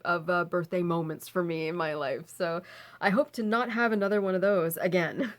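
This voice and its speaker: A woman vlogger casually telling a personal story, animated, laughing often and swearing as she recounts her fear. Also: fairly low pitch, normal speed.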